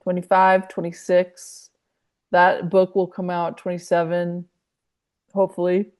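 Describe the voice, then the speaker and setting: A woman's voice: on the low side, monotone, measured pace, darkish tone. A woman hosting a casual video-call podcast chat, talking in a chatty, emphatic way. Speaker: podcast host.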